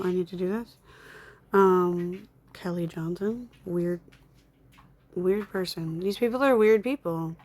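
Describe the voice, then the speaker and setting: A woman's voice: on the low side, a little mellow. A young woman ranting in a screen recording at home, upset and irritated, swearing and muttering to herself as she blocks users. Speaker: content creator. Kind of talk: angry screen-recording rant. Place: home with dogs, construction noise outside.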